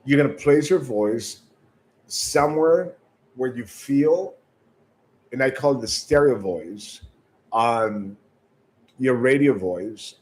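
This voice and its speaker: Guy giving sales training tips, repeats himself, keeps saying right?, mid pitch. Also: animated, takes it slowly, long pauses, a little mellow, poor audio. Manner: repeats words, often ends points with "right?"; coaching, direct advice. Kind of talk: instructional talk on sales calls.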